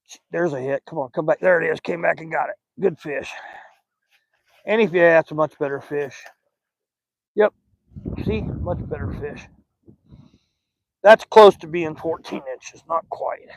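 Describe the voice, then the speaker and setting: An older Southern American man hosts a live fishing stream from a small boat on a lake, rambling in a folksy way and talking to both the fish and his viewers. His voice is fairly high, a little slow and gravelly, with long pauses. The phone recording is muffled, with no echo.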